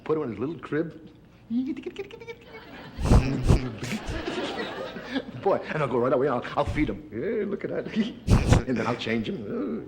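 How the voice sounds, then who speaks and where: A man's voice: a little high, huge pitch swings, slow, vocal fry, pauses often, heavily acted. An actor playing a nervous middle-aged expectant father in a 1960s TV sketch, repeating himself and laughing nervously. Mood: daydreaming. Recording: old TV broadcast, loud studio audience, noisy.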